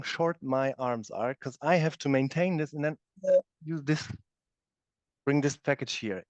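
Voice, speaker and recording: His voice is medium in pitch with a darkish tone, recorded without echo in a dull, dry studio. A native German speaker, he runs a live yoga class, modeling each movement as he talks it through and checking in regularly with "okay?".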